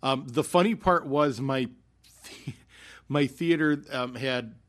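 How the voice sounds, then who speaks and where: A man's voice: medium pitch, slow pace, fairly bright tone. A man telling a long theater story in casual podcast chat, rambling with many fillers and restarts. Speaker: podcast co-host.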